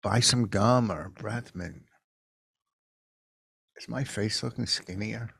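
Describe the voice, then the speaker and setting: A man co-hosting a podcast in casual chat, talking bluntly with deadpan quips into a close mic. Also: on the low side, slow, gravelly, husky, no room sound. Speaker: podcast co-host.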